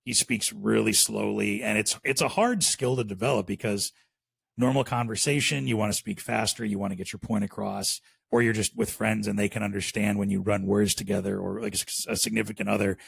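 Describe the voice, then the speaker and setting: He's a podcast guest from around Chicago, talking in that city's accent with an easygoing, filler-packed ramble during a casual interview. His voice sits fairly low, moves fairly quickly, and carries vocal fry.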